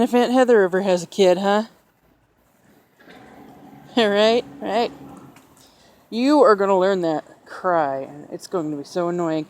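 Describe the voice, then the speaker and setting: A woman's voice: mid-range voice, a little slow, long pauses, darkish tone. A woman walking outdoors with a handheld camera, chatting in a sing-song pet voice to her parrot. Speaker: vlogger. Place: outdoors on a street in the rain. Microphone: handheld camera while walking.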